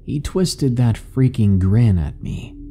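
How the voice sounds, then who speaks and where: A man narrating a horror story in a calm, measured, ominous delivery. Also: medium pitch, breathy edge. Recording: faint background music.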